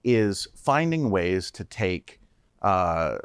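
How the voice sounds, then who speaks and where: Animated man guest on a podcast. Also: deep voice, extremely slow, clean tone, no echo, studio quality. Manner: animated, with many restarts and repeated words. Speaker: startup CEO guest. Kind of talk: podcast interview.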